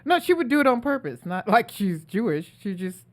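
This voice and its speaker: A young woman talks casually as a podcast guest. She giggles a lot and hesitates with fillers. Her pitch sits in the middle. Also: big pitch swings, moderate pace.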